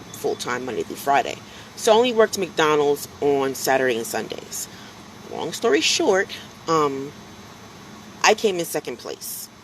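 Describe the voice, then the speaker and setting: A woman talking casually to her followers on a live stream, telling animated stories full of fillers, a little drowsy from allergies. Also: sits low, a little hiss or hum, rough recording. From United States. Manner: chatty, animated storytelling, many fillers.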